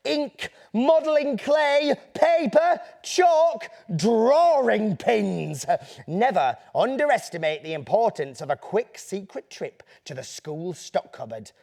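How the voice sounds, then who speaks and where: Boastful mischievous boy prankster, Northern English accent, high bouncy voice that leaps all over, as a male author reads him. Storybook read-aloud. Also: darkish tone, exaggerated voice. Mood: cheeky. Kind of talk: reading a children's book aloud in character.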